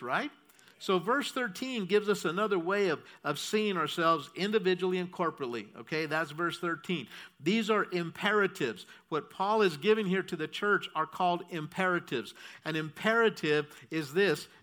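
A man's voice: high voice, expressive, moderate pace, fairly bright tone. A man preaching a sermon in an emphatic style, repeating key phrases and putting questions to the congregation. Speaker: pastor.

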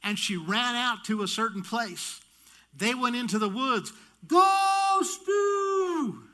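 Bright-voiced preacher telling a story. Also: male voice, high voice, normal speed. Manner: animated storyteller with restarts and light humor. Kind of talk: sermon storytelling.

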